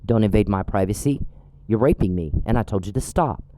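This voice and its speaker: A man's voice: lowish voice, brisk, mellow, no echo, rough recording. A man speaking an angry direct-address monologue, blunt, scolding and profane. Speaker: channel host.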